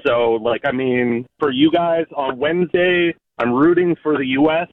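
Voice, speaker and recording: A Canadian man calling in to a sports radio show, speaking earnestly in halting phrases. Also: medium pitch, no room sound. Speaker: caller. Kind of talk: phone-in caller. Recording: dull lo-fi phone line.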